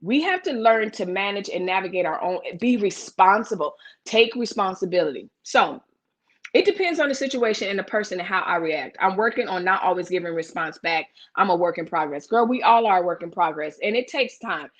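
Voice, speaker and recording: A woman hosts a live chat and speaks with blunt energy, addressing her viewers directly. Her voice sits at a middle pitch for a woman. She answers viewer comments as they arrive. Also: a little fast. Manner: blunt, animated, talks straight to viewers. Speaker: host of a live chat show.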